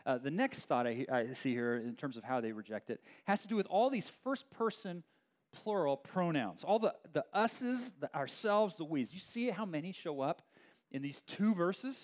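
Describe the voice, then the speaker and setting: A middle-aged male pastor preaching to a room of his congregation, his fairly high voice rising and falling with lively swings. He talks conversationally, full of fillers and quick restarts, and pushes hard on key words. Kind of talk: sermon. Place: church meeting room with a live audience.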